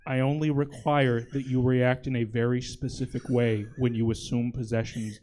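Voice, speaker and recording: A man doing comedic improv on stage, reading oddly precise instructions in a deadpan way, often breaking into laughter. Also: mid-range voice, moderate pace.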